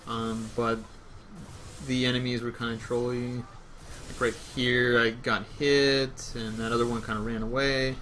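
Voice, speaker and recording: A young man casually commentating his own speedrun, rambling and correcting himself as he gets excited. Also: mid-range voice, slight background noise.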